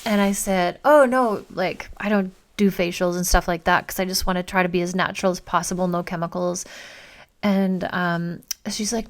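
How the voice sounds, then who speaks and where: A middle-aged woman hosting her own coaching podcast, telling a personal story in a casual, animated way and acting out both sides of a conversation. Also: fairly low pitch, moderate pace. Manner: animated, acts out quoted dialogue. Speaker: life coach, podcast host.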